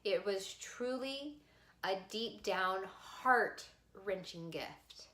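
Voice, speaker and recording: A woman vlogger telling a personal story to camera in a heartfelt, expressive way. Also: medium pitch, extremely slow, reverberant. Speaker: vlogger sharing a life lesson.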